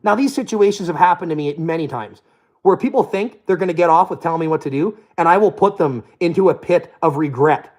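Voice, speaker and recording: A young man rattles off profane, boastful stories. He talks at a rapid clip in a fairly high voice. The tone is swaggering and combative throughout. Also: a little mellow. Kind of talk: casual storytelling rant.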